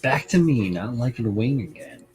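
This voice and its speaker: A man's voice: medium pitch, animated, normal speed, darkish tone, soft background music, low-quality recording. A man hosting a model-building livestream, chatting dryly and sarcastically and muttering to himself as he works. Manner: dry, sarcastic, mutters while working. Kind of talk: casual chat.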